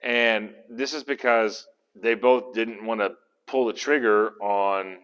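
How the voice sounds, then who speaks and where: A man's voice: lowish voice, steady tone, takes it slowly, a bit bright, clean tone. A man leading a casual Bible study in a folksy, conversational way. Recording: reverberant hall.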